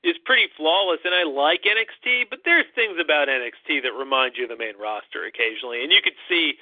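Man, podcast co-host, rambling, profane, exasperated, high voice, phone-like sound. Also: animated, quick pace, no room sound. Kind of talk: casual wrestling chat. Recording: dry, phone-like narrow sound.

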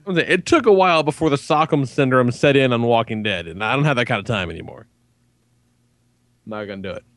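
Man, podcast co-host, casual, laid-back drawl, lively intonation, dry mic. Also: medium pitch, quick pace, dry recording. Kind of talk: casual chat.

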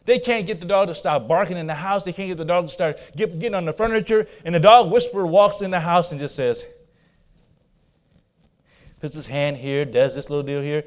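A man preaching a sermon in a somewhat high voice, bold and emphatic. He drops into soft asides between his loud declarations and speaks straight to his congregation. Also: brisk. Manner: laughs at himself, talks to the congregation. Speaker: pastor.

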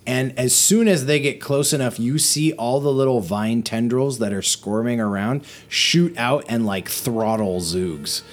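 A man narrating a tabletop game as game master, casual and quick to laugh. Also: mid-range voice. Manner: casual, laughs easily, many fillers.

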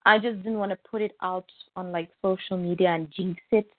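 Talking a little fast, a woman with a medium pitch co-hosts a laid-back podcast, acting out quotes as she tells lively stories. There's no room sound, though the line comes across tinny and phone-like.

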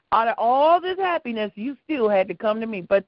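A woman's voice: a little high, lively intonation, normal speed, no room sound, highs cut off. Earnest woman caller on a prayer line. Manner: earnest, storytelling, repeats words. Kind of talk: call-in prayer request.

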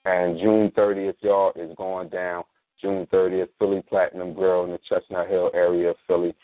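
Deep-voiced Philly man hosting radio. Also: level tone, no echo. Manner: laid-back slangy promos, spells things out slowly. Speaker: radio show host. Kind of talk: casual talk radio. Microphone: sits in a squeaky reclining chair. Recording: dry tinny phone-like line.

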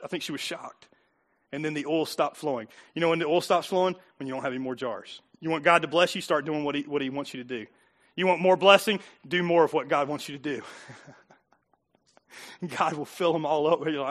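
High bright-voiced middle-aged guy preaching in church, chatty, goes loud then drops real quiet. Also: moderate pace. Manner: conversational preaching, swings from loud emphasis to quiet asides. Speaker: pastor. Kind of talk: sermon.

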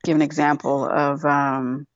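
A woman's voice: sits low, level tone, unhurried, dry recording, lo-fi sound. A woman co-hosting a casual podcast discussion, chatty with many fillers, acting out quoted voices as she explains. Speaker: podcast co-host.

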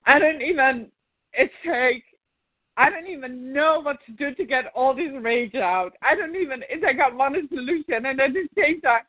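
Furious high woman on a tinny line. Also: expressive, normal speed. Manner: furious, swearing, repeating herself. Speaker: therapy client. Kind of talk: emotional venting in a therapy session. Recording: tinny dry phone-like sound.

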